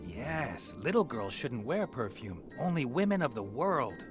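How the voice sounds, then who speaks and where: Sly, mock-gallant young adventurer; lively intonation, game music behind. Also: male voice, medium pitch, measured pace. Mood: teasing. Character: sly young male adventurer posing as a hatter.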